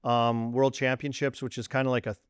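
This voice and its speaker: Animated Canadian former athlete telling stories. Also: male voice, medium pitch, a little fast, clean tone, no echo, studio quality. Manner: animated storyteller, acts out quoted dialogue. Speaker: former hockey player, guest. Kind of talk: casual storytelling chat.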